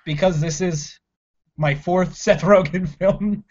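A man co-hosts a laid-back podcast chat about comedy films, swearing freely and laughing often. His voice sits high yet darkish, slow and steady in tone, on lo-fi dull audio.

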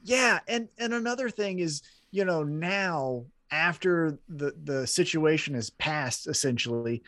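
A man's voice: a little high, a little slow, no room sound. A man co-hosting a wrestling podcast in casual chat, blunt and swearing freely as he tells stories. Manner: blunt, swears, animated storytelling.

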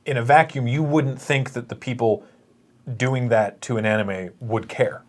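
A man's voice: medium pitch, normal speed. A man hosting a casual chat, telling stories animatedly and laughing often. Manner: animated storytelling with acted quotes and laughs. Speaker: podcast host.

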